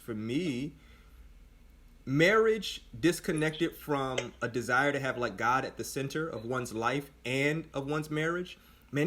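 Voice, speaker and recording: A man's voice: mid-range voice, fairly bright tone. Earnest man hosting a podcast. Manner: earnest, speaks from a Christian viewpoint, emphatic. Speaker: podcast host. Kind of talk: casual podcast conversation.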